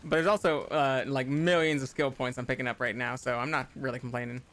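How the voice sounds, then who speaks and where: A man's voice: mid-range voice, level tone, brisk, fairly bright tone, a little hiss or hum. A man chatting casually and laughing while playing a co-op game on stream. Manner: chatty, laughs easily, thinks aloud. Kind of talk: casual gaming chat.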